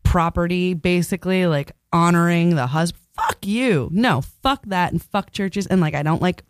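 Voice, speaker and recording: A young woman chats casually and bluntly, swearing freely as she rants. Her voice sits slightly low, and the sound is close and dry with no room echo. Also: moderate pace. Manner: profane, blunt, laughing. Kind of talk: casual chat reacting to a video.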